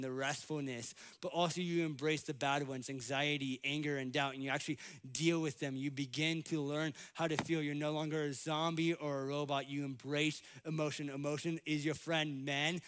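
A man's voice: a little high, a bit bright. A man in his late twenties preaching a conversational sermon in church, with self-deprecating humor and frequent restarts. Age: 20s. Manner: frequent restarts and repeated words.

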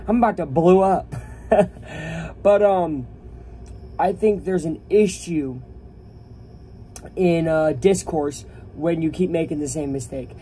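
A man giving an animated, opinionated sports rant straight to his viewers. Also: on the high side, slight background noise. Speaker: YouTuber. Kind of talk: casual sports rant to camera.

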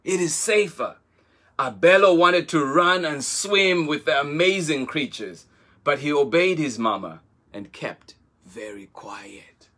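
A man reading a children's picture book aloud as a storyteller, in a slow and expressive manner. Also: fairly high pitch, husky.

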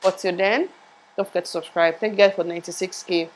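A young woman talks to her viewers in a rambling, chatty way, often laughing at herself. Her voice sits on the low side and is a little muffled, as she is still sore from a tooth surgery. It is recorded close on a lapel mic. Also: fairly even intonation, fast talker, slight background noise. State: in pain after tooth surgery, speech a bit muffled. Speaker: vlogger. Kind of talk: casual vlog chat.

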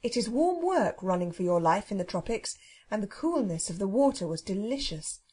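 A woman narrating a children's audiobook with expressive, measured storytelling. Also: mid-range voice, husky. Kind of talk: storybook reading.

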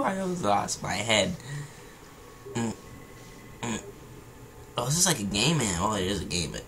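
A man's voice: on the low side, huge pitch swings, a little slow, gravelly, long pauses, a bit bright, slight background noise. A man casually commentating while playing a game, joking, swearing and humming sound effects. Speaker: gamer. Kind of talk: casual let's-play commentary.

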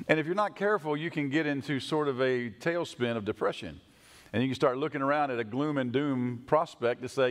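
Animated male preacher in a reverberant church. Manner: animated preaching, drops low and slow on key words. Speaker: pastor. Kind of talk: sermon. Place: church sanctuary.

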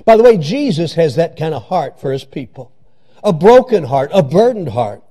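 A man's voice: a little high, very animated, normal speed, warm tone. A male pastor preaching a sermon in a church, repeating and stressing his phrases. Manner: repetitive, emphatic preaching. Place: church sanctuary.

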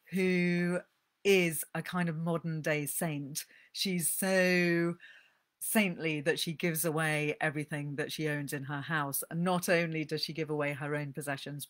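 A woman giving an enthusiastic, chatty talk on books to a live audience. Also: sits low. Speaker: speaker giving a book talk.

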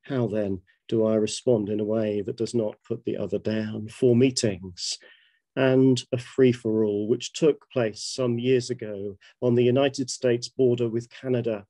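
A British man in his fifties, a bishop giving a measured, reflective webinar talk with personal anecdotes. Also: medium pitch, steady tone, warm tone, no room sound. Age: 50s.

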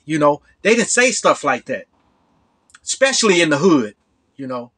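A man from Chicago hosting his own channel, telling a true story casually in a rambling way with many halting restarts and "you know"s. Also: a little high, very animated, a bit bright.

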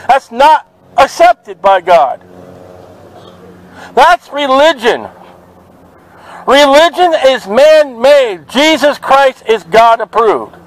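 A man's voice: very high-pitched, big pitch swings, slow pace, long pauses, poor audio. A man preaching fervently outdoors at a market, quoting scripture in an open-air sermon. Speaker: street preacher.

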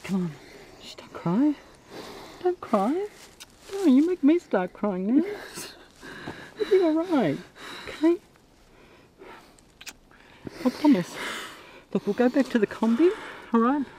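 Bossy hot-headed maniac, noisy outdoor air behind. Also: male voice, very high-pitched, lively intonation, fast talker, hardly any pauses. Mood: soothing. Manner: barking, then soothing and hushed. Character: bossy, volatile male maniac driving a van. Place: outdoors in a park.

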